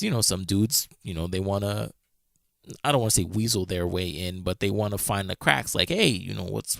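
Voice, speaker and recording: This man's voice is on the low side and a bit bright, recorded at studio quality with no echo. Co-hosting a podcast, he retells a friend's story in a casual, meandering way, restarting often, using lots of fillers and performing the quotes.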